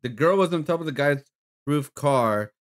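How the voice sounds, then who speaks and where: A man's voice: a little high, expressive, moderate pace. A man streaming, reacting casually to videos with loose, profane commentary and laughter.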